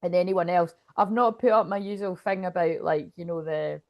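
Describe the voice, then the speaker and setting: Scottish woman tarot reader, lowish voice, rambling casual livestream chat from home. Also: moderate pace, highs cut off. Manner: rambling, chatty, laughs often.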